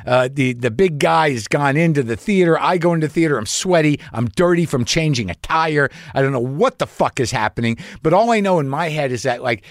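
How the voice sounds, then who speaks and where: A male comedian and podcast host tells a story in a rambling, self-doubting, profane way. His voice sits slightly high for a man. The recording is close and dry. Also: expressive, brisk, hardly any pauses, dry recording. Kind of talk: storytelling monologue.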